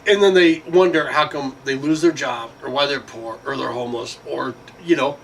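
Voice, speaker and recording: A man's voice: medium pitch, fairly even intonation, moderate pace. A man delivering a rambling, profane monologue full of fillers. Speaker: vlogger. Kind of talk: casual monologue. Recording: distant mic with faint background noise.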